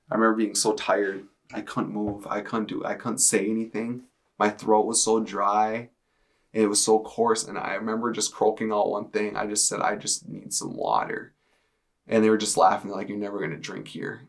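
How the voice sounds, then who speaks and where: A young man telling his personal testimony in earnest, halting speech with many fillers. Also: on the low side. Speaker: testimony speaker.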